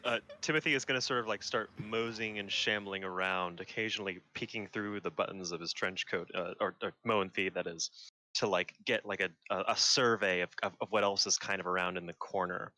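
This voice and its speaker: A man playing a tabletop game, narrating his character's actions in a halting way with many restarts. His voice is fairly low but bright, and the sound is dry and close. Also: fairly even intonation, dry recording. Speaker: player. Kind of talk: casual tabletop game play.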